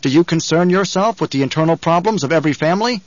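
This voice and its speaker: A man's voice: a little high, expressive, fast, no room sound, dull audio, pitched above the performer's own voice, natural voice. A man doing a cold, commanding young duke.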